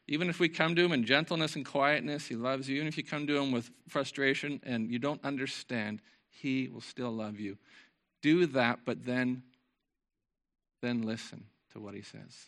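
A man preaching an informal, earnest sermon to his church, reading scripture and moving between lively talk and soft, quiet passages. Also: medium pitch. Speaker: pastor. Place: church service.

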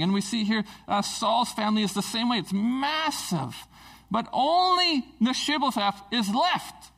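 A man's voice: high voice, moderate pace, a bit bright, rough recording. A man preaching a conversational sermon in a casual, earnest way, with fillers and restarts.

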